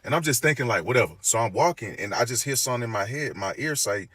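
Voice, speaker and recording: Man, middle pitch, casual storyteller, animated, voices the people in his story, dry close sound. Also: fast, breathy edge, no room sound. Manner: loose, full of "like" fillers and restarts.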